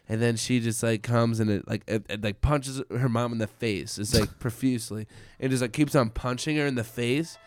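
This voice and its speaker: A man's voice: medium pitch, moderate pace, smooth, dry recording. A young man co-hosting a podcast, rambling through a crude made-up story in casual chat. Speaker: podcast co-host.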